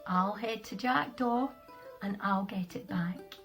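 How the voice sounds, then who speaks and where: A woman with a Scottish accent voicing a bold crow in a loud, firm voice. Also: mid-range voice, slow, soft background music. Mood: determined.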